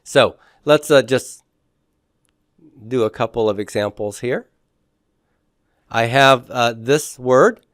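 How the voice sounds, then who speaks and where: A man's voice: medium pitch, slow, long pauses, a bit bright, dry recording, studio quality. A man teaching a beginners' Greek lesson, explaining patiently and often checking in with "okay?". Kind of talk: classroom lecture.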